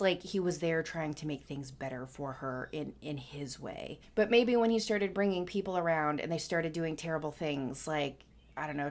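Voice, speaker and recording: A woman casually making up a story as she talks, rambling and musing with lots of hedges. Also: deep voice. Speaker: painting vlogger.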